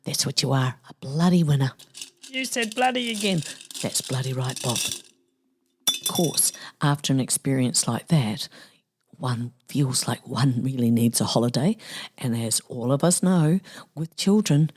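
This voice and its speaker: Low-voiced New Zealand woman, playful. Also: unhurried, a little mellow, slightly rough. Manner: playful, tongue-in-cheek, chatty. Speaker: podcast host. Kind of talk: casual solo podcast monologue.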